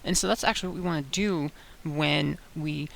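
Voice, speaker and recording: A young woman giving a casual voice-training tutorial, chatty and loose, with fillers and quick self-corrections. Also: low voice, gravelly. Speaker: voice coach. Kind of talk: casual tutorial talk to camera. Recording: faint hiss.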